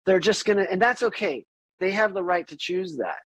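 Animated middle-aged man, slightly high voice. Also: brisk, husky, poor audio. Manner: animated, candid, swears freely, acts out quoted voices. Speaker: podcast guest, musician. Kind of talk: casual interview conversation.

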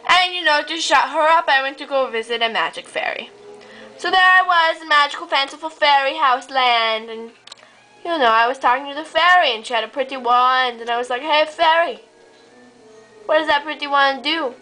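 Bright high-voiced woman rambling a silly tale. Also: a little fast, soft background music, rough recording. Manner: rambling and deadpan, full of "you know" and "I was like". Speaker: storyteller. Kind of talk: improvised comic story narration.

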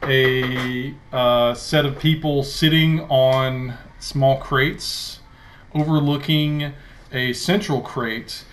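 A man's voice: mid-range voice, steady tone, very slow, a bit bright, slight background noise. A man narrating a tabletop game as dungeon master, with many fillers and restarts. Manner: hesitant, filler-heavy narration. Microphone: console party chat.

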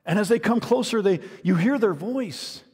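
A man preaches a sermon in a high, husky voice, drawing his listeners into a story he builds step by step. He circles back to the same phrases and often restarts a sentence. His voice carries with a long reverb through a church hall. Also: animated, normal speed, darkish tone. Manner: storytelling, guides listeners through an imagined scene; repeats phrases, frequent restarts. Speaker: pastor.

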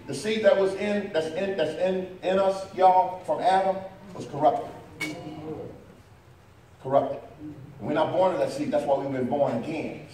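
High-voiced preacher echoing through a church. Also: male voice, normal speed, pauses often, a little mellow, a little hiss or hum. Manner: call-and-response preaching, rising and falling. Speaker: pastor. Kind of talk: sermon. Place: church sanctuary. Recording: echoey church from far off with congregation.

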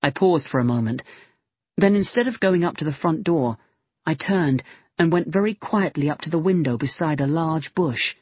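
A man reading a novel aloud in a measured, even storytelling manner. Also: fairly high pitch, slightly rough, no room sound. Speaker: audiobook reader. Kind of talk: scripted narration. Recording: dull lo-fi dry recording.

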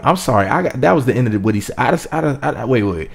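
A young man doing a casual commentary vlog, reading quotes aloud and hyping them up with animated reactions. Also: mid-range voice, fast, creaky, hardly any pauses, husky. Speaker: celebrity gossip vlogger.

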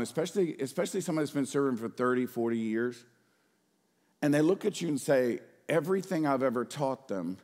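A middle-aged man preaching a sermon as pastor, swinging between loud outbursts and hushed, earnest passages. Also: medium pitch.

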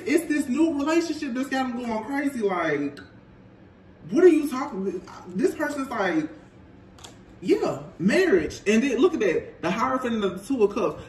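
A man giving a casual tarot reading in a gossipy, animated way, often breaking into laughter. The sound is roomy and taken from a distance with a faint hiss. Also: very high voice. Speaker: tarot reader.

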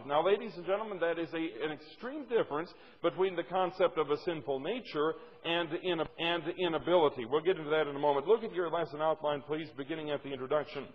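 Emphatic high-voiced pastor preaching. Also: male voice. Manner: emphatic, slows down for key points and voices imagined objections. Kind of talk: sermon teaching from a lesson outline. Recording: dull, lo-fi church recording with long hall reverb.

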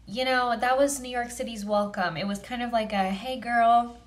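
Chatty young woman vlogging, slightly high. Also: fairly quick. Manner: chatty and effusive, with frequent exclamations. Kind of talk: casual vlog chat to camera.

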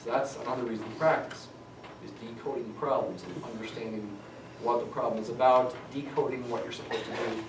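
A man's voice: mid-range voice, fairly even intonation, fairly quick, distant mic, background noise. Chatty male lecturer in an echoey classroom. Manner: chatty, digressive, dry humor. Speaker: statistics lecturer.

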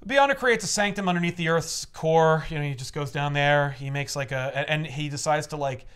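A man's voice: fairly high pitch, a little fast, fairly bright tone, clear, resonant tone. A man hosting a casual chat, rambling and swearing as he recaps a story and acts out its characters. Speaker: podcast host.

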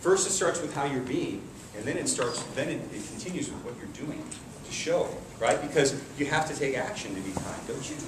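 A man, a martial arts instructor, giving an energetic call-and-response talk to children at a school assembly, coaxing them to repeat phrases. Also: medium pitch, fairly quick. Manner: energetic, coaxing, asks questions and has the kids repeat phrases. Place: large echoey room such as a school gym. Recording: echoey hall from far off with kids' noise. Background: children's voices and room noise.

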